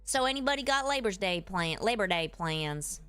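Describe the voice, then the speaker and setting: Her voice sits at a medium pitch, expressive and at a normal pace, slightly bright and smooth, sounding natural against faint background music with no echo. She's playing a folksy, relaxed Southern-accented streamer, chatting away to her "y'all" audience mid-game.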